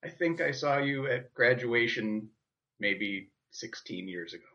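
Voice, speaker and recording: A man's voice: medium pitch, expressive, a little slow, pushed and bright. Friendly male improv guest, lo-fi sound. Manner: friendly, explaining with restarts. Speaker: podcast guest, improv performer. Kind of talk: casual chat.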